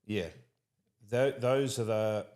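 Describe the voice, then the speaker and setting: A man with a New Zealand accent interviewing a guest in a casual, animated way, laughing often and restarting his sentences. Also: medium pitch, takes it slowly.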